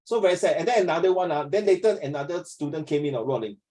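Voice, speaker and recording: A man's voice: fairly high pitch, expressive, fast, dark tone, low-quality recording. A middle-aged man with a Singaporean accent, lecturing students in an online class. He is earnest and preachy, and he slips Mandarin phrases into his English. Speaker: teacher.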